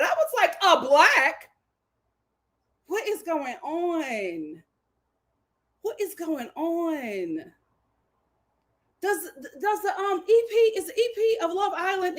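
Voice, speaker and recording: A woman's voice: very high-pitched, fairly bright tone. A woman recapping a reality dating show, laughing often and repeating lines for emphasis.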